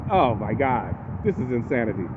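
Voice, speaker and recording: A man's voice: medium pitch, moderate pace, background noise. A man animatedly recapping a TV episode in casual speech, acting out the characters as he goes. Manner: animated, acts out characters in quotes. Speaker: TV recap host. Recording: tinny phone-like audio.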